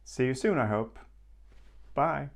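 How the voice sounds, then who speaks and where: A man hosting a music reaction video, talking in a slow, thoughtful and hesitant way with many pauses. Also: mid-range voice, gravelly. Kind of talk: casual spoken reaction. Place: home setup with headphones.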